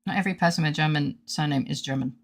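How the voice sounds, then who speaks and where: A woman's voice: deep voice, rapid-fire. A woman streaming a game, joking casually with her chat and reading game lines aloud between giggles. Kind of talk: casual gaming stream commentary.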